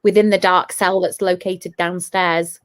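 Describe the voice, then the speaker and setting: A woman's voice: on the low side, little pitch movement, unhurried, smooth. A woman paranormal investigator telling her story in casual chat, eager and full of restarts. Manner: eager, restarts and repeats phrases.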